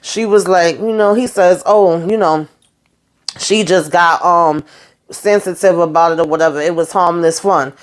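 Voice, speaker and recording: A woman's voice: fairly low pitch, moderate pace. A woman casually recapping a TV episode, blunt and outspoken, swearing freely and briefly voicing the characters as she retells each scene. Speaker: TV show recapper.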